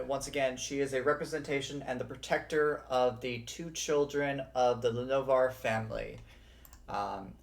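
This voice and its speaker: A man as game master, running an online tabletop game in a relaxed way with many fillers. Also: medium pitch.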